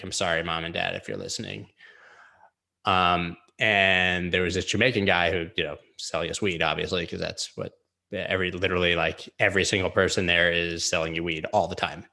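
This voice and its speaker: A man's voice: low-pitched, sharp tone. A man hosting a live-streamed chart analysis, rambling casually with jokey asides. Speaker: crypto chart analyst host.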